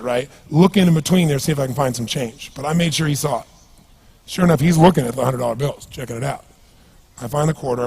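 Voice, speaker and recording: A man from the United States giving an energetic seminar talk as a motivational speaker and putting questions to his audience. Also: medium pitch, gravelly, husky.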